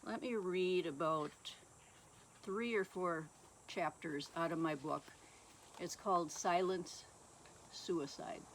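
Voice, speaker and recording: A woman author giving an earnest, measured Christian testimony and reading passages aloud from her own book. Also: fairly low pitch, slight background noise.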